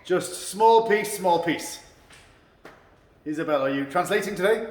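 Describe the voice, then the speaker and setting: A man's voice: high voice, animated, unhurried. A man teaching a karate class, calling out counts and commands to his students. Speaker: karate instructor. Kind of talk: teaching a martial arts class. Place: dojo hall. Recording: echoey hall, far from the mic.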